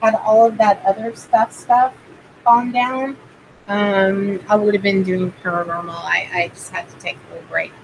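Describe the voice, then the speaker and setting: A woman's voice: medium pitch, steady tone, moderate pace, gravelly, slight background noise, low-quality recording. A woman hosting a casual livestream and doing card readings, rambling with plenty of fillers and greeting viewers by name. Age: adult parent.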